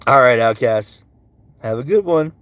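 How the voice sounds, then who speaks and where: A man's voice: mid-range voice, lively intonation, measured pace, a bit bright, no echo. A male voice actor chatting casually with fans and answering their questions, slipping into character voices between answers. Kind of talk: casual livestream Q&A with impressions.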